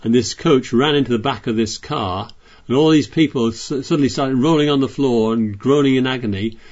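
A man's voice: medium pitch, fairly quick, a little mellow, lo-fi sound. A man preaching a sermon, reading scripture aloud and explaining it in a chatty way with frequent restarts.

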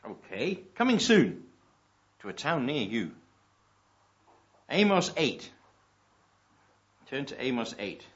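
A man's voice: medium pitch, sing-song, takes it slowly, long pauses. Preacher man in a muffled recording. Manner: conversational, swelling to emphatic stresses. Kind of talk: sermon.

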